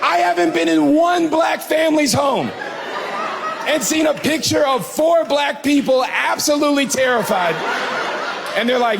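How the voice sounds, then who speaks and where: Man, stand-up comic, animated and crowd-baiting, long hall reverb, clear background noise. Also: very high voice, a little slow. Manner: animated, crowd-baiting, swears freely, acts out other people. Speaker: stand-up comedian. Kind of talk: stand-up routine.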